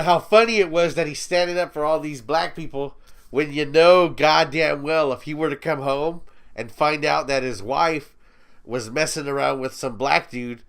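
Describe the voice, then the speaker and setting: A man's voice: fairly high pitch, creaky, fairly bright tone. A man ranting in a commentary video, profane, mocking and sneering as he talks down to his target. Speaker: YouTube commentator.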